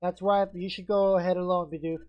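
A woman's voice: fairly low pitch, steady tone, fairly quick, lo-fi sound, close to an everyday voice. Mischievous, upbeat guild leader in a game who encourages his pupils; a woman reads him. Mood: encouraging. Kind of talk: reading game dialogue aloud.

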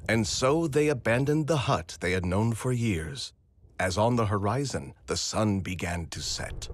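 A man narrating a storybook adventure game aloud in a measured, dramatic way. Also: fairly low pitch, expressive, dry recording.

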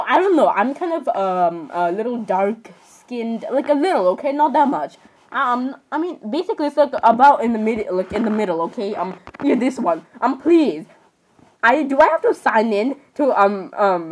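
Woman vlogger, a little high-pitched, rambling and giggly, constantly apologizing. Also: low-quality recording. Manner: rambling, keeps apologizing, giggly, says "literally" often. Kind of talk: casual screen-browsing commentary.

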